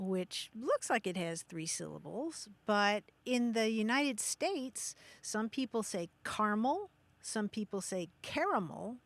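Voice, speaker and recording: A woman's voice: mid-range voice, no room sound. A woman from Kentucky co-hosting a radio talk show, asking callers friendly questions and explaining word pronunciations.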